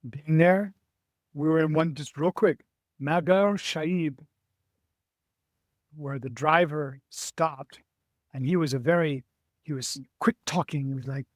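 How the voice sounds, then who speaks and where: With a slightly high voice and no echo, a middle-aged adventurer-author spins lively tales on an interview program, performing quoted voices and frequently breaking off to restart his sentences.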